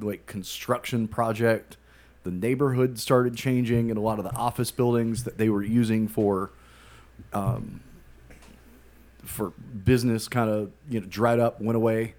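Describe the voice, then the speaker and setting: A man's voice: on the low side, a little mellow. A man co-hosting a casual beer podcast, rambling with trailing sentences and restarts. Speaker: podcast co-host. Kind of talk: casual chat.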